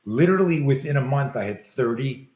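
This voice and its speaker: A man's voice: medium pitch, brisk. Older man telling a roomy story. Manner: animated storyteller acting out quoted dialogue. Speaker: self-defense coach. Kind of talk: storytelling in a podcast interview. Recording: roomy echo.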